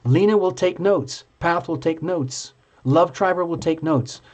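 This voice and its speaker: A man hosting a live tarot stream, chatting with viewers in an excitable, gushing and playful way. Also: on the high side, measured pace. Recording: dull lo-fi stream audio.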